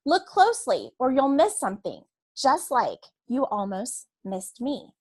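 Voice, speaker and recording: A woman's voice: high-pitched, huge pitch swings, unhurried, darkish tone, breathy edge, full character voice. A woman voicing a chatty young schoolgirl who narrates a storybook in an eager, confiding way. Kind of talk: storybook read-aloud.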